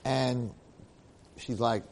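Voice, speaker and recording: A man giving a Torah lecture, telling a parable in an animated way and acting out the characters' lines. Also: medium pitch, drawn-out words, creaky, in a large hall, a little hiss or hum. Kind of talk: storytelling lecture.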